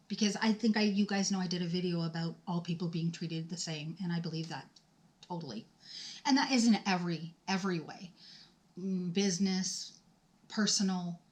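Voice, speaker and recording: Chatty middle-aged woman vlogging. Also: lowish voice. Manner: rambling, self-mocking, animated asides. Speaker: beauty vlogger. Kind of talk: chatty get-ready-with-me vlog.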